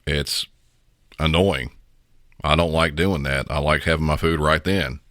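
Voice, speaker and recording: A man's voice: very deep voice, sharp tone, no room sound, clean studio sound. A man hosting a podcast, giving blunt, opinionated commentary on recorded emergency calls. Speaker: podcast host.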